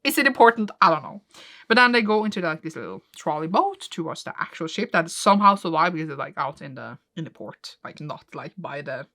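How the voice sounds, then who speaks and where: A woman casually retelling and reacting to a comic she is reading, excitable and emotional, often laughing and close to tears. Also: low voice, fairly quick. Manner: excitable, gushing, laughs often, retells scenes with quoted voices. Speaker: manga reaction vlogger.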